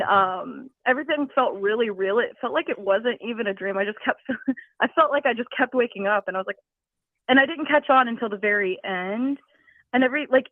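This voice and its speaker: A woman's voice: fairly high pitch, no echo. A woman calling in to a show to tell a personal story, giggly and scattered, heard over a tinny phone line. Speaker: caller. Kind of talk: telling a personal story on a call-in.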